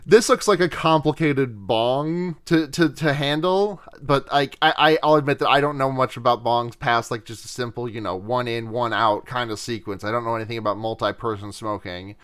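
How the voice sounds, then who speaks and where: A man's voice: medium pitch, normal speed, hardly any pauses, fairly bright tone, clean tone. A man co-hosting a podcast, recapping a film in casual chat, rambling and swearing with frequent laughs. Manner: rambling, profane, laughs often. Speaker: podcast co-host.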